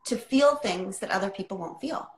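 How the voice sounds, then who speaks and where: A woman's voice: medium pitch, lively intonation, normal speed, reverberant, poor audio. A woman author telling a personal story in a livestream chat, impassioned and often asking "right?". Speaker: author guest.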